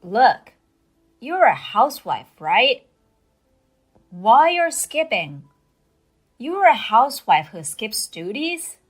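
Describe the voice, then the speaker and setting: A woman doing a loud, scolding husband. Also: very high-pitched, sing-song, slow pace, long pauses, soft background music, heavily acted. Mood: angry. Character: irritated, bossy husband on the phone.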